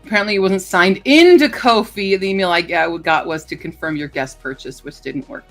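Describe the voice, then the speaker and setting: A woman livestreamer chatting casually with her viewers, rambling and filling pauses with lots of ums and uhs. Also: fairly low pitch, a bit bright, soft background music. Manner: chatty and rambling, with many fillers. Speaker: livestreamer greeting chat. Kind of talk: casual live-stream chat.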